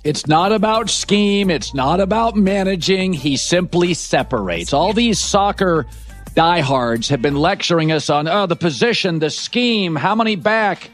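Emphatic high-voiced male sports host. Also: lively intonation, a little slow, faint music behind. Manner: emphatic, punchy declarations. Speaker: sports talk show host. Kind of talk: opinionated sports talk.

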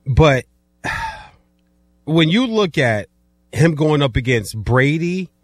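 A man co-hosts a sports talk show, cutting in with short replies and dry sarcasm. His pitch rises and falls a lot. The recording is dry and close. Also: lively intonation, no echo, soft background music. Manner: quick interjections, dry sarcasm. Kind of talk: casual sports debate.

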